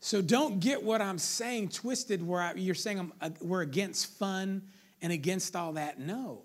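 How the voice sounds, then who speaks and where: A man's voice: high-pitched, a little slow. A man preaching a sermon as pastor, conversational and playful, calling out to the congregation.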